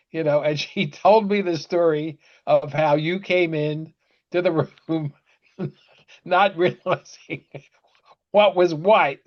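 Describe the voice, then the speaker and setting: An older man co-hosting a podcast as the father, telling a story in an unhurried way with fillers and chuckles. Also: fairly high pitch, dull audio. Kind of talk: casual storytelling chat.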